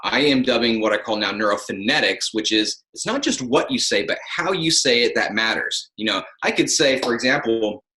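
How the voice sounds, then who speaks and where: A man speaking in an interview with a bright, forward tone, breaking into acted-out sample lines to make his points. The sound carries a noticeable room echo. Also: medium pitch, lively intonation, normal speed, hardly any pauses. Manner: explains with acted-out example phrasings. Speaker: audiobook narrator and coach. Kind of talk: podcast interview.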